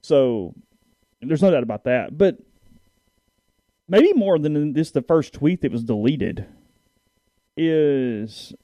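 A man co-hosting a casual sports talk show, halting and restarting as he reads. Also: a little high, animated, warm tone, no room sound. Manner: halting, restarts while reading.

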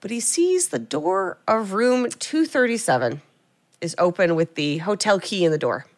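A young woman co-hosting a podcast, recapping a film in casual chat and acting out quotes with animated storytelling. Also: mid-range voice, normal speed. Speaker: podcast co-host.

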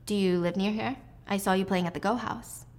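A woman's voice: mid-range voice, fairly even intonation, fairly quick, a little mellow, lightly acted. A woman reading the lines of a cool, aloof rich businessman from a drama in a curt, reserved way.

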